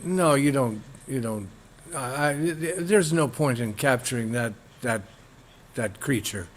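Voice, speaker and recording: A man voicing a wary young prince who answers hesitantly and quietly. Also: medium pitch, expressive, slow. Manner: hesitant, soft, reluctant.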